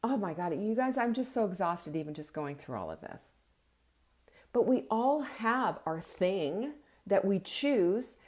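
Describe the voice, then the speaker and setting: A woman's voice: medium pitch, a little mellow. A woman hosting a casual inspirational talk on a live video stream, earnest and conversational, speaking directly to her listeners. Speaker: host.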